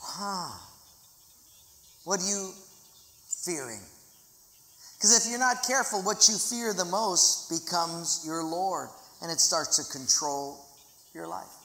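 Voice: mid-range voice, slow, long pauses, bright, forceful tone. A pastor preaching a sermon in a large church auditorium, speaking dramatically and leading the congregation in reading scripture aloud. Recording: echoey hall with long reverb.

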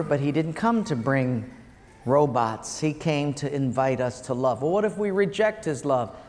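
An older pastor with a fairly high voice delivers a sermon full of comic storytelling, animated and laughing through his anecdotes. A long reverb follows his words, as if he's in a large hall.

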